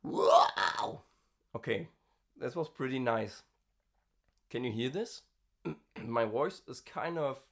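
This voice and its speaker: A scream vocalist in a casual practice diary, winded from screaming, with a gravelly fry texture, chatting between takes and sometimes dropping to a hushed whisper. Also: mid-range voice.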